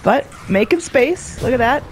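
A woman casting a live video game match with relaxed, chatty play-by-play. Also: high-pitched, moderate pace. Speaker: esports caster.

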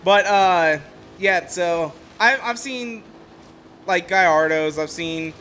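Brief: young male streamer, high, bright voice, excitable and rambling, casual game chat. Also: slow pace, slight background noise. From Ohio, USA. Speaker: gameplay streamer. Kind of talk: casual gameplay commentary.

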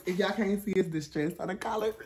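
A young man, filming a casual try-on haul in his dorm room, out of breath, playful and sassy, with excited high squeals. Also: fast talker, distant mic. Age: young adult. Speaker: vlogger. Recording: roomy, from off the mic.

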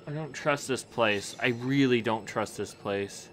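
A man's voice: medium pitch, unhurried, a bit bright, slight background noise. A young man commentating a horror game, nervous and jumpy, chatting to objects around him and yelping at scares. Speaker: gaming YouTuber.

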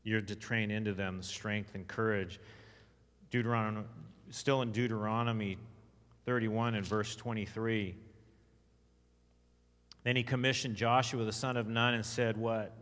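A man's voice: lowish voice, steady tone, unhurried, pauses often, a bit bright. A man with a Texan accent giving a sermon-style teaching, emphatic, asking the audience questions and reading scripture aloud. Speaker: conference speaker. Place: church hall. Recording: long echo of a church hall.

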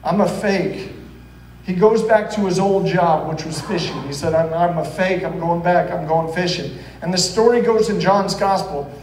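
A man's voice: sits high, moderate pace, few pauses, a little mellow, echoey room, recorded from a distance, slight background noise, low-quality recording. A man preaching a sermon as pastor, telling the story earnestly and acting out the quoted voices. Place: church hall.

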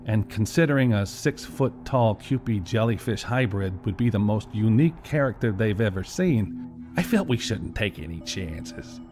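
A man narrating a first-person story in a wry, deadpan way. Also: lowish voice.

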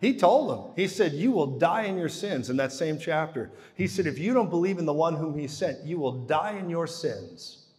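Male preacher, fairly high voice, animated storyteller who acts out the dialogue, long hall reverb. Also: normal speed. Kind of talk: sermon.

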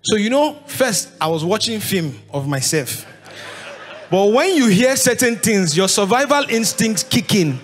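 A man with a Nigerian accent in his thirties, telling his life story to an audience in lively, animated storytelling. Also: unhurried. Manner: lively, acts out voices of others with big pitch jumps, laughs while telling.

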